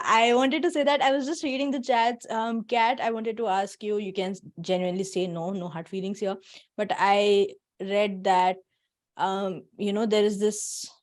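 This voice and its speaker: A woman hosting an online workshop on a video call, chatting casually and encouragingly, laughing often. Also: mid-range voice. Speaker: workshop host. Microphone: computer mic on a video call.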